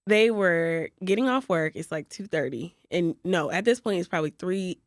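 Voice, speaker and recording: A woman's voice: fairly low pitch, normal speed, no echo, studio quality. A woman co-hosting a casual podcast, telling a workplace story with lots of acted-out quotes and asides. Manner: animated gossiping storyteller, acts out quotes. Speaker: podcast co-host.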